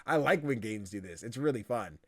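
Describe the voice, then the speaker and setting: Animated young male podcast host. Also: fairly low pitch, brisk, dry recording, studio quality. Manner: animated, quotes himself and others in lively voices. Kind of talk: casual chat.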